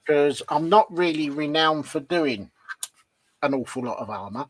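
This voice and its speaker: A man's voice: on the high side, animated, normal speed, a little hiss or hum. A man co-hosting a casual livestream chat, agreeable and easygoing, often restarting his sentences. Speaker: livestream co-host.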